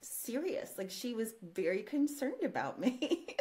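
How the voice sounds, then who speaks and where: A woman guest telling an animated personal story in casual conversation, often breaking into laughter. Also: a little high, slow pace. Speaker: podcast guest.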